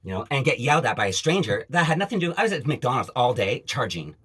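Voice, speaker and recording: Brief: Canadian man, profane angry vlog rant, bright and husky. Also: medium pitch, sing-song, fast talker. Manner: profane, agitated ranting with repeated asides. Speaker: vlogger.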